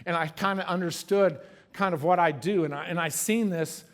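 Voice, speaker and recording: Man preaching, slightly high voice. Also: normal speed. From Kentucky. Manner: conversational preaching with sudden drops to a soft hush. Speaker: guest preacher. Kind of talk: sermon. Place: church sanctuary.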